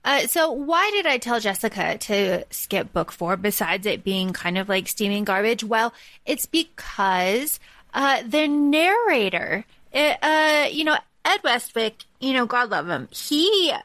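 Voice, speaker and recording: A woman's voice: fairly high pitch, big pitch swings, measured pace, a bit bright, no room sound. A woman co-hosting a podcast, chatting casually and animatedly with scornful asides and plenty of fillers. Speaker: podcast co-host. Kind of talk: casual chat.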